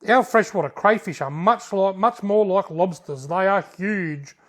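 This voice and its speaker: A man's voice: high voice, a little slow, fairly bright tone. An Australian man hosting a fishing video channel, casually reading out viewer comments in a jokey, laid-back way and chuckling often.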